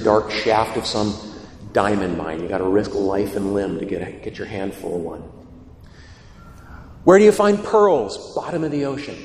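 A man preaching a sermon in an animated, storytelling way, with acted quotes. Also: fairly low pitch, a little hiss or hum. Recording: echoey hall, long reverb.

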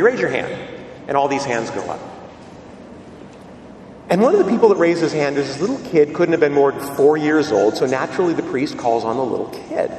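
A man serving as a priest, delivering a homily in a storytelling manner that swings up into high, excited tones. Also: slight background noise. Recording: roomy hall reverb, voice from a distance.

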